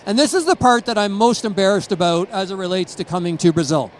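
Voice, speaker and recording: A man's voice: sits high, fast, slight background noise, low-quality recording. A middle-aged man from Canada giving a conference presentation, telling stories with chuckles and acting out quotes. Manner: storytelling, chuckles, acts out quotes. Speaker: conference speaker.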